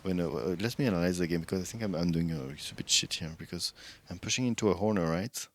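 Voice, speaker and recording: A male streamer with a lowish voice talks casually while he plays, rambling through false starts and thinking aloud. His voice is close to the mic and dry, with no room sound behind it. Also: fast, dry recording. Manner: rambling, many restarts, chats with viewers while thinking aloud.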